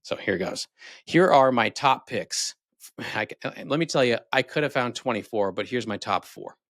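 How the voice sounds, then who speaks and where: A man's voice: medium pitch, animated, normal speed, fairly bright tone, no echo, clean studio sound. A man hosting a video, giving sarcastic, rambling, critical commentary. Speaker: video host. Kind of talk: casual commentary.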